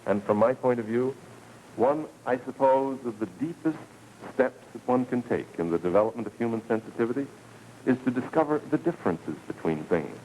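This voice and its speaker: A man giving a televised lecture as a professor, speaking in an earnest, deliberate way with emphatic repetition. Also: mid-range voice, animated, darkish tone, a little hiss or hum, rough recording. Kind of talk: televised lecture with story reading.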